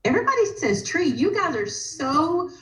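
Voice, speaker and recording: A woman with a Southern US accent, chatting as a guest on a live crafting stream and telling stories with animated energy. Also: high-pitched, normal speed, reverberant, low-quality recording.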